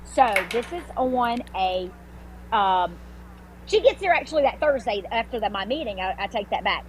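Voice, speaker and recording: A woman, a podcast guest telling her story in casual talk, animated and swearing freely, with many restarts and fillers. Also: fairly high pitch, normal speed, background noise.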